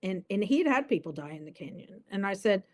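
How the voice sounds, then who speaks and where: A woman's voice: medium pitch, big pitch swings, fast talker. A woman guest in an interview, telling a personal story earnestly and vividly, with many fillers.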